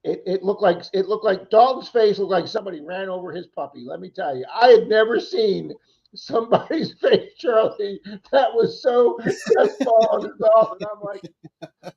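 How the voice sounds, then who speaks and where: A man's voice: sits high, moderate pace, vocal fry. A man co-hosting a casual livestream chat, telling rambling stories and acting out other people's lines. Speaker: livestream co-host. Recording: dull lo-fi stream audio.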